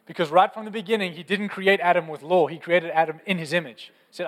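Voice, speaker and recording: Young male preacher, high-pitched, fervent storyteller, long reverb of a large hall. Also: brisk. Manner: animated storytelling, conversational and fervent. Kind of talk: sermon.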